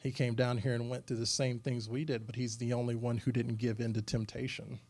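A young man preaching as a youth pastor, his talk loose and animated, with a middle-pitched voice. He tells a story to a group and keeps slipping in casual fillers. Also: a little fast. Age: young adult. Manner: animated and conversational, many fillers.

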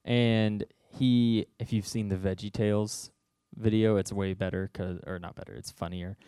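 A young man giving a casual sermon, telling a story in a joking, conversational, animated way. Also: lowish voice, moderate pace, clear, resonant tone, no echo, studio quality. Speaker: youth speaker.

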